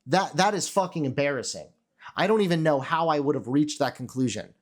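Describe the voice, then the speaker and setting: High-voiced sarcastic young man. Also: lively intonation, fairly quick. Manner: sarcastic, profane, self-critical. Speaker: commentator reacting to his old video. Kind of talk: casual reaction commentary.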